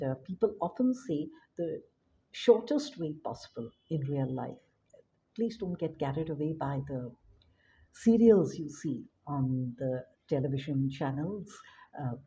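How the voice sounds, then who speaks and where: A woman teaching a writing lesson, unhurried and full of filler words. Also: low voice, dark tone. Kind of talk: spoken lesson. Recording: dull lo-fi audio with faint noise.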